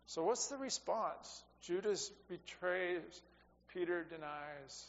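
A man giving a sermon as a pastor, talking conversationally, rising for emphasis and dropping to quiet asides. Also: high-pitched, lively intonation, takes it slowly. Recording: dull sound with long reverb in a hall.

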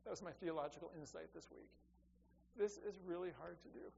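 A middle-aged man preaching a sermon as a pastor, earnest and repetitive, swinging between loud and soft. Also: fairly high pitch, a little fast, gravelly. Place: church sanctuary. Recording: dull lo-fi sound with long hall reverb and faint hum.

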